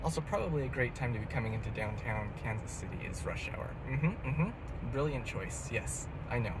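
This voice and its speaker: A young man vlogging while he drives on a highway, chatting to viewers with self-mocking jokes, filmed on a handheld phone. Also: lively intonation, normal speed. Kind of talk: casual chat while driving. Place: inside a moving car on a highway. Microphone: handheld phone filming while driving. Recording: loud road and car noise.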